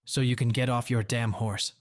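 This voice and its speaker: A man voicing an angry middle-aged father, blunt and determined, giving forceful retorts in a dry, close read. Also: medium pitch, steady tone, normal speed, no echo, natural voice.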